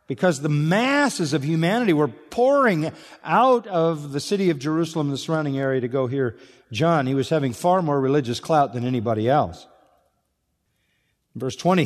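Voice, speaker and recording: Male pastor, emphatic expository preaching, slightly raised pitch, long church reverb. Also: darkish tone. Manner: emphatic, repetitive preaching with rhetorical questions. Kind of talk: expository sermon.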